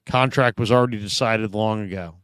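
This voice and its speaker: Brisk and smooth, a man with a lowish, slightly bright voice hosts a casual football talk show. He chats away and reads out viewer comments, adding playful asides.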